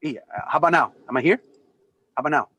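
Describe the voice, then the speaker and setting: A man chatting casually over a video call, telling animated stories and swearing freely. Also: fairly high pitch, fast, breathy edge, dry recording. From California. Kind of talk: casual chat.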